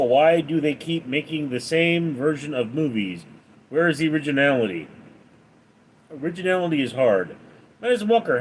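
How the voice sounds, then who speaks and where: In this casual livestream Q&A, the male host calls out donors' names and their questions with loud energy before replying in a flat, low tone. There's slight background noise.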